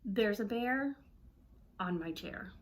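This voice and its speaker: A woman speech-language pathologist teaching parents with a children's book, animated and encouraging, often asking questions. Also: medium pitch, takes it slowly.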